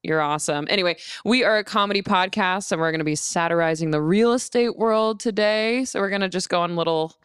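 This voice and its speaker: A woman's voice: mid-range voice, fast, hardly any pauses, smooth, no room sound, clean studio sound. A woman co-hosting a comedy podcast, chatting casually and teasing with frequent laughter. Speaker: podcast co-host.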